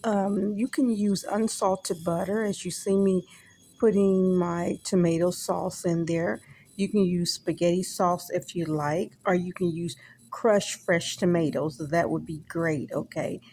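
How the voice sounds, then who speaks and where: A woman with a drawl narrates her home cooking in a relaxed, chatty voice-over, often checking in with "okay?". Her voice sits on the low side, and a faint hiss runs under the recording. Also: unhurried. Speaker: home cook.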